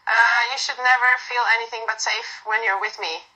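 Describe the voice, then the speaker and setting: A fond young woman who teases her clingy partner with gentle affection, as a woman reads her lines. The voice sits fairly high and bright, tender even when it pokes fun. It belongs to a romantic audio role-play. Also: moderate pace, rough recording. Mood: teasing.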